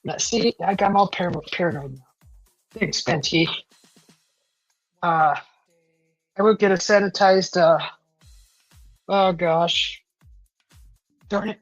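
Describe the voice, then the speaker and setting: A woman's voice: on the low side, slow pace, pauses often, dry recording. A woman hosting a casual livestream from home, chatting with viewers and rambling with many "uh" fillers. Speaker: livestream host. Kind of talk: casual livestream chat, reading viewer comments. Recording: dull lo-fi stream audio, faint music.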